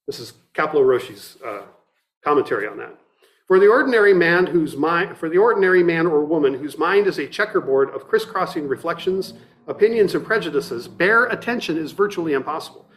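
A middle-aged man, a meditation teacher, giving a dharma talk in a reflective, measured way with frequent restarts, partly reading from a book. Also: a little high, lively intonation, fairly bright tone.

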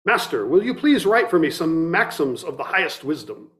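A man's voice: fairly high pitch, sing-song, moderate pace, a bit bright. A man reading the lines of an irritable ordinary man who pesters a Zen master for wisdom. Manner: irritable, demanding.

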